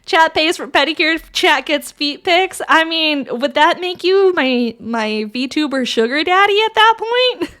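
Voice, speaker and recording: Bright high-voiced woman streamer. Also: animated, unhurried, hardly any pauses. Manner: crude, giggly, banters with chat. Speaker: VTuber streamer. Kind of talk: casual livestream chat.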